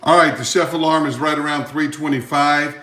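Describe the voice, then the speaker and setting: A man's voice: on the high side, fairly even intonation, brisk, pushed and bright. A man casually talking through a home cooking demonstration, rambling along with folksy, joking asides. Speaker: home cook hosting a cooking channel. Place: home kitchen, indoors. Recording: echoey kitchen with clattering pots.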